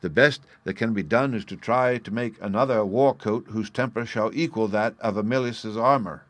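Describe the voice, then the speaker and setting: A man's voice: on the low side, normal speed, lightly acted. A man voicing a doubtful foreman of apprentices in a storybook reading.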